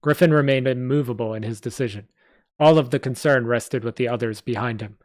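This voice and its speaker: A man's voice: medium pitch, brisk, dry recording. A man reads a story aloud on a live stream. He keeps a plain pace and fixes small slips as he goes. The sound is close and dry. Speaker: story reader.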